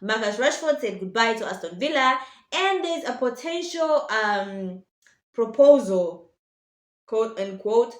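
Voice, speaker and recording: A woman's voice: a little high, lively intonation, slow, roomy sound. A woman giving casual, opinionated football commentary to her viewers as a vlogger, passionate and blunt. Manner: passionate, blunt, addresses viewers as ladies and gentlemen.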